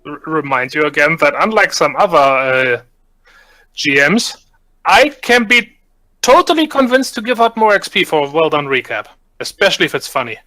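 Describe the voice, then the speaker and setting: An easygoing male game master with a somewhat high, bright voice that tumbles over itself as he restarts his sentences. The sound is close and dry, with no room around it. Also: sing-song, normal speed, no room sound, poor audio. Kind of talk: running a tabletop game over voice chat.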